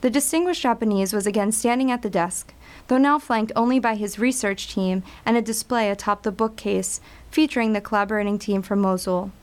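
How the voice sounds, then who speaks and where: A woman reading a scripted story in a measured, wry storytelling voice. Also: mid-range voice. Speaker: narrator.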